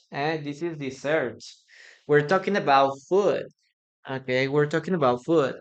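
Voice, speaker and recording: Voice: mid-range voice, a bit bright. An English teacher from Peru with a Peruvian Spanish accent, a native Spanish speaker, giving a live online English lesson, repeating words to drill pronunciation and thanking viewers often.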